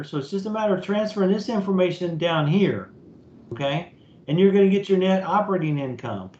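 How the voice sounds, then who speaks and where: The speaker is a professor with a high voice running an online class, casually working through things step by step and asking "okay?" again and again to make sure students understand. His computer mic in the video meeting makes the sound roomy, somewhat dull and lo-fi.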